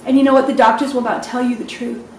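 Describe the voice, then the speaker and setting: A woman's voice: a little high, quick pace. A woman hosting a casual home gathering, telling a story and acting out each person's lines. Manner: animated storyteller who acts out dialogue. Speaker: party host. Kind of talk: casual group chat, storytelling. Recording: echoey room, distant mic, faint noise.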